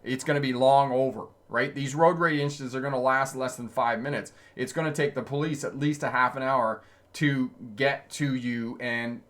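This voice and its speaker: A man's voice: mid-range voice, fairly even intonation, normal speed, a bit bright. Chatty man laughing through his stories. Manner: chatty, laughs often mid-sentence. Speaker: driving instructor and channel host. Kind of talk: casual livestream storytelling, answering chat comments.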